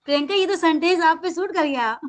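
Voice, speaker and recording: A woman teaching an English class over a video call, in Indian English, mixing Hindi with English and stretching words out slowly for her students. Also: very high voice.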